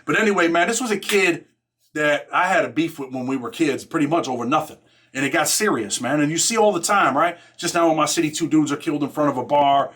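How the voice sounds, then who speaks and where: A man's voice: on the high side, quick pace, fairly bright tone. A man hosting his own show, telling a story in a casual, streetwise, profane way and dropping "man" into nearly every phrase. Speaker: host.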